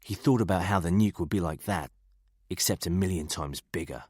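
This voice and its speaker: Deep husky guy reading a thriller audiobook, dry close sound. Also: moderate pace, a little mellow, no echo. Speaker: audiobook narrator. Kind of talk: scripted thriller narration.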